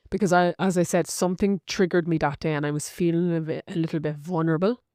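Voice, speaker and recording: A woman's voice: deep voice, darkish tone, dry recording, studio quality. An Irish woman hosting a podcast, talking in a chatty, open and personal way, full of likes and rights. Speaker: podcast host. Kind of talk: casual confessional monologue.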